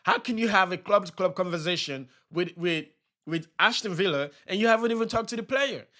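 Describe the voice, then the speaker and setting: A young man with a high voice hosts his football reaction vlog. He sounds agitated and upset, repeats his points and fires off one rhetorical question after another. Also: a little fast, bright, forceful tone. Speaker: football channel host.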